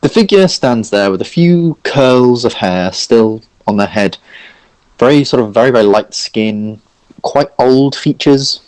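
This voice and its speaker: A young man narrating a tabletop game as dungeon master, relaxed with lots of fillers. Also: medium pitch, unhurried, clear, resonant tone, dry recording.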